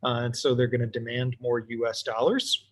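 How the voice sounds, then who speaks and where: A man teaching economics in a relaxed, offhand way, thinking aloud as he sketches graphs for an online class. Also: mid-range voice, moderate pace. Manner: casual, talks to himself while drawing. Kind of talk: recorded lesson while sketching graphs.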